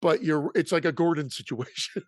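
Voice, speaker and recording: Male podcast co-host, a bit high, dry close sound, rambling casual delivery. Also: normal speed, dry recording. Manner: rambling, restarts, laughs easily. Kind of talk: casual chat.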